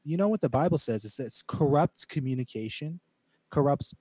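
Emphatic preachy man, dark voice. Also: a little high, expressive, moderate pace, breathy edge, no echo. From United States. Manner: emphatic, preachy, quotes scripture, mocks critics in quoted voices. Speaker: podcast co-host. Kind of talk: casual podcast talk, preaching tone.

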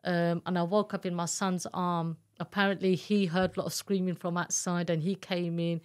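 A woman speaks as an interview guest, recounting her own experience in a candid, earnest way. Her voice sits on the lower side, and she often pauses, restarts and searches for words. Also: little pitch movement. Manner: candid, earnest, halting retelling. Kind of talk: emotional personal testimony in an interview.

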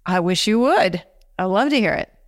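A woman podcast host who asks her guest questions in a halting way, pausing as she looks for words. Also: medium pitch, animated, no room sound, studio quality. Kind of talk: interview questions.

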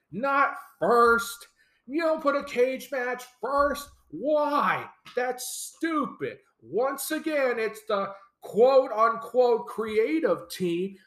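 Solo podcast rant, slow deliberate delivery, sarcastic and exasperated, roomy echo. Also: medium pitch. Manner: exasperated, sarcastic, repeats phrases for emphasis. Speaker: wrestling podcast host.

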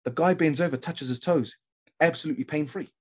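Husky-voiced New Zealand man telling a story. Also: a little high, fairly quick. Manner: animated storyteller, many fillers and restarts, says bro. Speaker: podcast guest. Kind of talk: casual storytelling chat.

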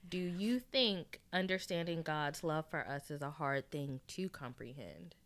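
A woman's voice: low voice, lively intonation, measured pace, a bit bright. A woman in a casual Bible study discussion, talking animatedly and acting out imagined quotes.

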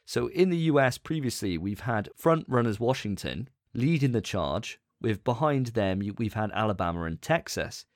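A man's voice: on the low side, no room sound. Guy hosting a podcast, chatty and upbeat, dead dry sound. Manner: animated, laughing, quick asides. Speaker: podcast host. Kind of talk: casual podcast chat.

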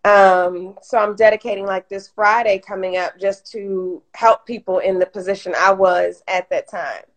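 On an IG Live stream, a Detroit, Michigan woman guesting on an interview show recounts her story in a relaxed, lively way, voicing the people she quotes. Her pitch is medium and her pace moderate.

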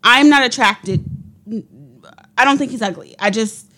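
A woman's voice: a little high, measured pace, pushed and bright. A woman co-hosting a podcast, talking things through reflectively with lots of fillers. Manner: reflective, chatty, lots of "like" and "you know". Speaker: podcast co-host. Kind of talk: casual chat.

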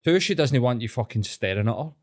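A man's voice: mid-range voice, fast. A young man with a Glaswegian Scottish accent, telling stories in casual chat with heavy swearing. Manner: sweary, animated storytelling.

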